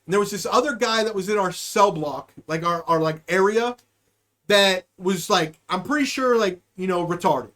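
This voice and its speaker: A man hosting a live show, telling a story in a loose, profane way, speeding up and then drawing his words out. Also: high voice. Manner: animated, profane, swings between quick and drawn-out. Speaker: podcast host. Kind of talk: casual storytelling.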